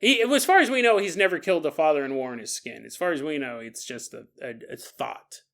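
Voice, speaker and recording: A man's voice: on the high side, animated, brisk, vocal fry, fairly bright tone. A man hosting a podcast in a casual, joking monologue, laughing often and making asides to listeners. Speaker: podcast host.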